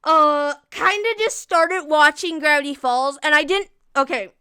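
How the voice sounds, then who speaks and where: A woman livestreaming in casual chat, answering viewers' questions and gushing like an excitable fangirl. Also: sits high, a little slow, no echo.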